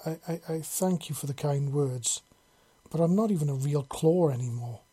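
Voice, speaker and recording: A reader voicing a shy young male winged creature who stammers and repeats words timidly, in a husky, mellow voice. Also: medium pitch, unhurried.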